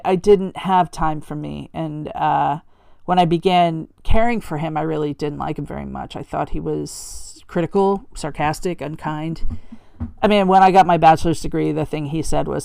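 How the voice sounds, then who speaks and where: A woman's voice: low voice, gravelly, a little mellow, clean tone, no echo, studio quality. A middle-aged woman hosting a podcast, talking candidly and reflectively about her life, often stopping to restart her sentences. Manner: candid, conversational, halting with restarts; quotes her father in a raised, sweet voice. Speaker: podcast host. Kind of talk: personal reflective monologue.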